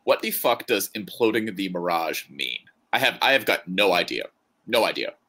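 A man's voice: low voice, animated, normal speed, pushed and bright, breathy edge. A man co-hosting a podcast, chatting casually and joking as he rambles through his thoughts. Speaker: podcast co-host. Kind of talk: casual chat.

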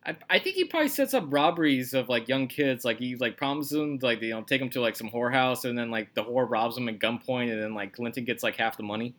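Bright-voiced joking male podcast host. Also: mid-range voice, lively intonation, quick pace, few pauses. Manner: joking, profane, laughs often. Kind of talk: casual chat.

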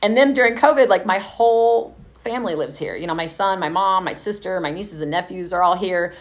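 A middle-aged woman from Texas, telling her own story at a recovery meeting in a profane, laughing, animated way. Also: lowish voice, fairly quick. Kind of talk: candid personal testimony.

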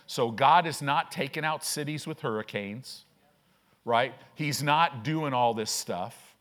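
A man's voice: mid-range voice, takes it slowly, a bit bright. A middle-aged male pastor preaching a sermon, stretching key phrases out and turning often to the congregation with asides.

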